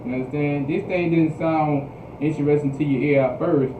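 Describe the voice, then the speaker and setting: A man's voice: fairly high pitch, steady tone, normal speed, recorded from a distance. A man teaching a scripture class as a preacher, repeating himself and checking in with the class as they answer back. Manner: repetitive, call-and-response, says "you understand?" often. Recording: echoey phone-like livestream audio with noise.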